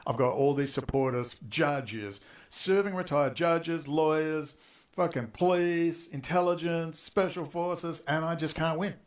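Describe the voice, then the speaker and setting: A man's voice: on the high side, a little slow. A man from Australia, ranting in an agitated, rambling and heavily profane way in a recorded video. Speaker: online video maker. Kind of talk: profane angry rant.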